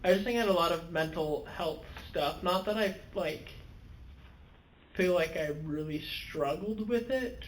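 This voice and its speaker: A man's voice: high-pitched, a little slow, a little hiss or hum, poor audio. A young man co-hosting a podcast, reflective and hesitant, often searching for his words. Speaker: podcast co-host. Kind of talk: casual podcast chat.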